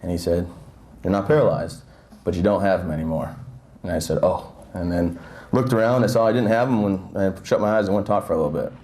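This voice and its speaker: A young man tells his story to a room of listeners at a rapid clip, his voice sitting on the lower side. He keeps it loose and joking, full of "you know" and "um", with the microphone held close enough to catch his breathing. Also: darkish tone. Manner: joking, conversational storytelling with many fillers. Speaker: guest speaker. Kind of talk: motivational talk to an audience. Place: breakfast event hall. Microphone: handheld mic held close, audible nose breathing.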